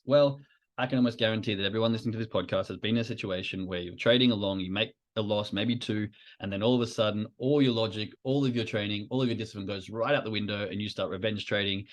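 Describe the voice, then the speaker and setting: Podcast guy explaining stuff casually, lots of ums, lowish voice. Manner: explanatory, informal, with fillers. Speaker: podcast host. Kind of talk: educational podcast talk.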